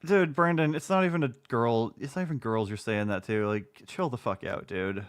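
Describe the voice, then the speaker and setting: A man's voice: mid-range voice, moderate pace, smooth, soft background music. A male streamer gives live commentary over a video he is watching. He mocks it with sarcasm and frequent swearing. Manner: sarcastic, mocking, profane.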